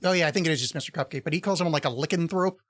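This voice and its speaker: A man's voice: fairly high pitch, very fast, a bit bright, no room sound, clean studio sound. A middle-aged man co-hosting a podcast, telling rambling stories in casual chat, laughing often and swearing freely. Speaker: podcast co-host.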